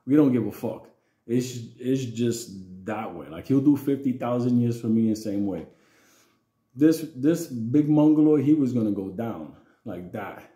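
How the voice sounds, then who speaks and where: A man telling a childhood story in a rambling, profane, animated way. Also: mid-range voice, unhurried, reverberant. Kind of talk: casual storytelling vlog.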